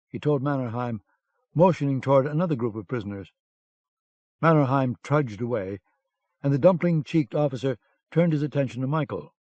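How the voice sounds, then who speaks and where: A man narrating an audiobook with a measured, dramatic reading, recorded on a dull lo-fi cassette. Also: mid-range voice, lively intonation, dark tone, dry recording.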